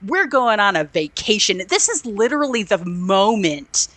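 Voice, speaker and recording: A woman's voice: mid-range voice, moderate pace, dry recording. Indignant woman ranting on a podcast. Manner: animated, indignant, acts out quotes in lively voices. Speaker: podcast co-host. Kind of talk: casual movie review chat. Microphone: remote call.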